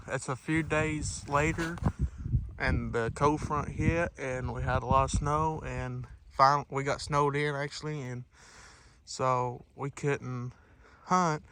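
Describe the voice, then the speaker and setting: Shivering hunter talking outdoors in the cold. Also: male voice, mid-range voice, fairly even intonation, a little slow, fairly bright tone. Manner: plain, rambling, with many fillers. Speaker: duck hunter vlogger. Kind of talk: casual outdoor vlog. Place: outdoors by a lake in snow. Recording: outdoor wind and background noise.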